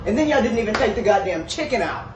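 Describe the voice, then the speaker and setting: Man doing a worn-out mom, yelling, cursing, high-pitched, distant noisy skit audio. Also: expressive, fast talker, roomy sound. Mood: angry. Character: furious overworked mother scolding her kids.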